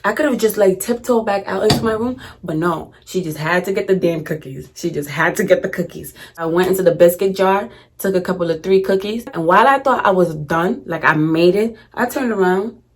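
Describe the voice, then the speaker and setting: A woman's voice: lowish voice, brisk, few pauses, husky. A young woman vlogger telling a funny story in casual, slangy, dramatic fashion. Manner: animated, slangy, dramatic retelling.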